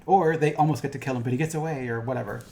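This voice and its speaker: A man's voice: medium pitch, very fast, vocal fry, a little mellow. A young man co-hosting a podcast and chatting casually about a cartoon, rambling and swearing. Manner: rambling, profane, fond of asides. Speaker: podcast co-host and game master.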